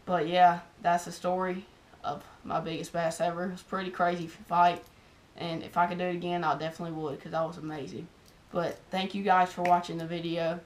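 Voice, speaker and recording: Southern woman fishing vlogger, lowish voice, excited rambling storyteller, casual to camera. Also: brisk, slight background noise. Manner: excited and rambling, heavy use of "like".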